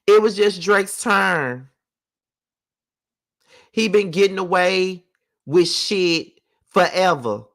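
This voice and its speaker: A man's voice: high-pitched, slow, pauses often, a bit bright. A man hosting his own vlog, ranting heatedly with plenty of profanity and repetition, speaking from home. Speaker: vlogger host. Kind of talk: casual ranting vlog commentary.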